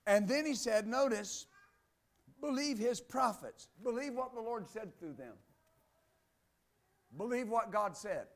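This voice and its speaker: A man's voice: sits high, expressive, unhurried, long pauses. A male pastor preaching a sermon, reading scripture aloud and explaining it, pressing his points with repeated "amen" and "believe that.".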